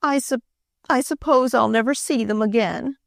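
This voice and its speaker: An earnest young girl with a high, bright voice, as a woman reader puts her on. She is eager and easily tearful, and the voice is close and dry. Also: sing-song, unhurried, no room sound, exaggerated voice. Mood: upset.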